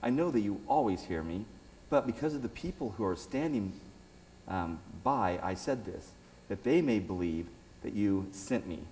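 A man reads scripture aloud in a low, mellow voice, breaking off now and then for casual remarks. His voice rings with a long reverb, as if in a large space. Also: animated, moderate pace, a little hiss or hum. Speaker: Bible teacher. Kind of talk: reading scripture with commentary.

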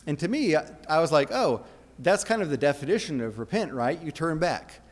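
A man's voice: on the high side, lively intonation, fairly quick. A man preaching a sermon in an earnest, conversational way, often restarting his phrases. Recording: long reverb of a hall.

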